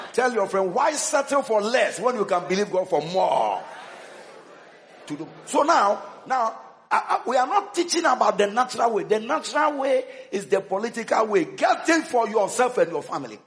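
A bishop preaching with a high voice that rises and falls animatedly. He hammers his points home through repetition and calls on the congregation to answer back. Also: big pitch swings, moderate pace, slight background noise. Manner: emphatic call-and-response preaching with repetition. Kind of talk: sermon.

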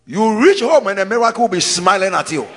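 A male pastor leading a congregation in fervent prayer, chanting repeated phrases and rising into shouts. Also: sits high, sing-song, a little fast, faint music behind. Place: church service.

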